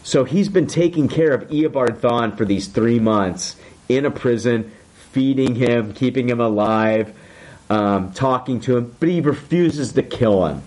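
Guy gushing about a tv episode, swears a ton, real excited. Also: mid-range voice, a little slow. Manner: excited, swears a lot, acts out quotes. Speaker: podcast host recapping a TV episode. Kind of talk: casual chat.

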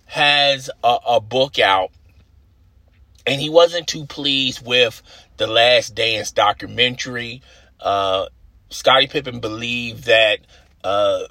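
A man's voice: mid-range voice, sharp tone, no echo. A man hosting his own podcast in a casual, rambling monologue, often tagging his points with "okay?". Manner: rambling, chatty, keeps asking "okay?". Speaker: podcast host.

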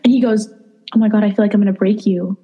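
A young woman co-hosting a podcast, telling dating stories in a casual, animated way, acting out quotes and saying "like" a lot. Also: medium pitch, quick pace, slightly rough, muffled recording. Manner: animated, acts out quotes, lots of "like". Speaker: podcast co-host. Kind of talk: casual storytelling chat.

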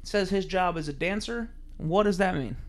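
Sarcastic guy reading his notes out, kinda high voice, deadpan jokes. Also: normal speed. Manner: dry, sarcastic, reads notes aloud. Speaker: podcast co-host.

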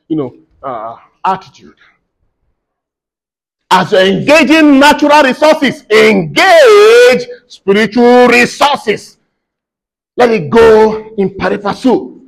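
Man, preacher, sermon in church, very high pitch, emphatic, repeats phrases, call-and-response questions. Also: animated, unhurried, gravelly, poor audio.

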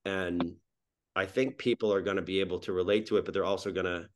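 Low-voiced rambling man from New Brunswick. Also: steady tone, quick pace, slight background noise. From Miramichi, New Brunswick, Canada. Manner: rambling, with frequent restarts and repeated words. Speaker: guest, sitcom co-creator. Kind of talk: casual podcast interview.

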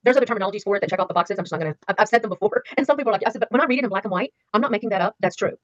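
Woman in her 60s talking really fast in an interview, leans hard on words, dry kinda dull recording. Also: mid-range voice, no room sound. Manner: emphatic, fast, repeats key words for weight. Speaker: interview guest. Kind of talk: candid personal storytelling interview. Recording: dry, slightly dull lo-fi sound.

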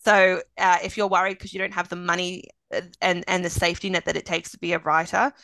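A woman's voice: lowish voice, little pitch movement, fast, sharp tone, no room sound, low-quality recording. An Australian woman, a guest author on a podcast interview, talking in an earnest, encouraging way and repeating phrases for emphasis. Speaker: guest author and literary agent.

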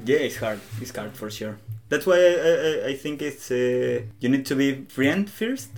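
A man's voice: medium pitch, animated, normal speed, a little mellow. A young man from Latin America, a native Spanish speaker talking English with a Latin American Spanish accent, chatting as a podcast guest in a hesitant way, often restarting his sentences and acting out little bits of dialogue. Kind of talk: casual conversation. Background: guitar music.

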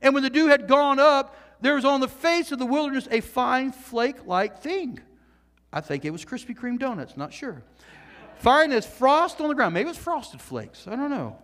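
High-voiced male pastor preaching in a sanctuary with long reverb. Animated, jokey, moves from loud to hushed. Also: normal speed. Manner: jokey asides to the congregation. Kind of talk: sermon. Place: church sanctuary.

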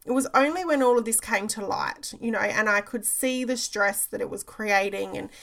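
A woman's voice: mid-range voice, moderate pace, vocal fry, a bit bright. A woman, a business coach giving an emphatic motivational talk, repeating phrases and checking in with "okay?".

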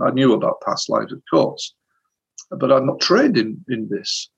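A hypnotherapist tells a client story in an interview, in an earnest, vivid way. His mid-pitched male voice is gravelly and a bit husky. The audio sounds slightly dull. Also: animated, moderate pace.

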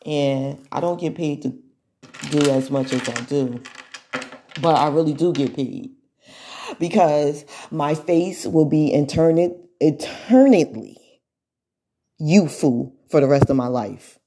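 A woman's voice: low-pitched, slow, breathy edge. A woman influencer talking casually and animatedly to her viewers, laughing often and mimicking what people will say about her. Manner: animated, laughing often, mocking imitations of others. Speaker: social media influencer.

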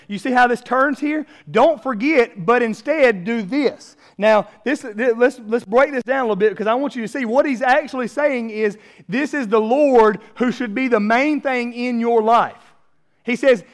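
A man's voice: extremely high pitch, normal speed. A man in his thirties preaching a sermon as a pastor, conversational and self-deprecating, building to emphatic peaks.

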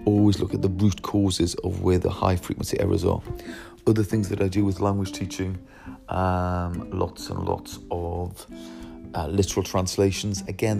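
A deep, gravelly man explains his method for teaching languages, emphatic as he asks and answers his own questions. His tone is mellow and dark. A faint guitar plays behind him.

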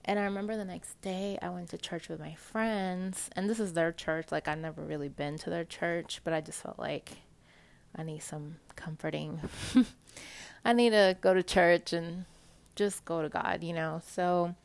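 A woman's voice: on the low side, moderate pace, creaky, clean tone. A woman in her thirties casually telling an emotional personal story, saying "like" constantly and laughing as she talks.

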